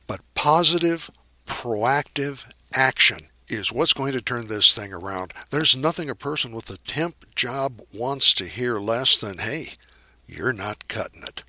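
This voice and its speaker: A man's voice: medium pitch, pushed and bright, dry recording. A man hosting a solo podcast, speaking in an earnest, urging way and repeating his key phrases for emphasis. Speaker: podcast host.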